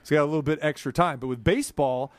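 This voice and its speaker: A male sports talk host with a fairly high voice, joking and rambling in casual studio chat. The sound is close and dry, with no room behind it. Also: rapid-fire, no echo. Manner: chatty, jokey, rambling asides. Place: radio studio.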